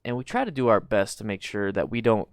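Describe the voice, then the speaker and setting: A man's voice: fairly low pitch, big pitch swings, brisk, clear, resonant tone, dry recording, clean studio sound. A tired, just-woken man hosting a casual live stream about motorcycles, chatting loosely, greeting viewers and humming to himself. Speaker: motorcycle channel host.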